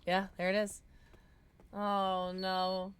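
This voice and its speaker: A woman streaming a horror game live, chatting with her viewers, thanking them and reacting loudly to scares. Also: mid-range voice, completely flat delivery, takes it slowly, a little hiss or hum.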